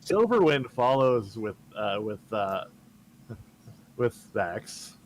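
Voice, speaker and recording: A man running a tabletop role-playing session as game master, narrating casually with frequent pauses and fillers. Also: lowish voice, very animated, a little hiss or hum.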